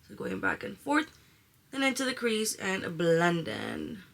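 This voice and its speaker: This beauty vlogger is a young woman whose medium-pitched voice sounds gravelly and a bit bright. She's very animated yet unhurried, chatting casually through a makeup tutorial, raving about colors and tossing in slang such as "she is giving."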